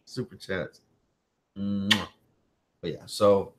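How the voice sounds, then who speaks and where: A man's voice: medium pitch, expressive, a little slow, long pauses, fairly bright tone. A man hosting a tech livestream from home in a loose, rambling way. He repeats himself and breaks off to talk to his small son. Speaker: tech channel host. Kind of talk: casual livestream chat.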